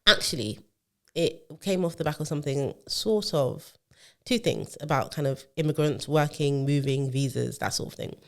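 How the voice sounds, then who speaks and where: A co-host, chatting casually on a podcast. The talk rambles through a long story, stacked with fillers and self-corrections, at an ordinary middle pitch. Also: normal speed, creaky, fairly bright tone. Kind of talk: casual chat.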